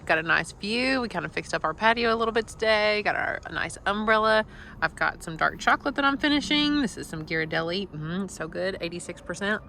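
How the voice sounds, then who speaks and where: A woman's voice: on the low side, sharp tone, slight background noise. Tired, chatty young woman book vlogger. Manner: chatty, self-deprecating, laughs lightly. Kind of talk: casual chat to camera.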